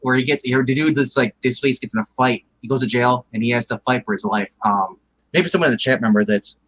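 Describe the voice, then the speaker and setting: A man's voice: medium pitch, fast, fairly bright tone. Laid-back joking guy on a stream. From Ohio. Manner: laid-back, joking, says "man" and "dude" often. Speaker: guest on a live stream. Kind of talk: casual chat.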